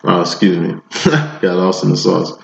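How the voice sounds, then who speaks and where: A man giving a casual tarot reading in a laid-back, slangy way, with a flat monotone delivery. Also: deep voice, normal speed, vocal fry. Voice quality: self-described monotone. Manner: laid-back, slangy, chuckles between lines. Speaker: tarot reader. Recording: echoey room, dull lo-fi, loud background noise.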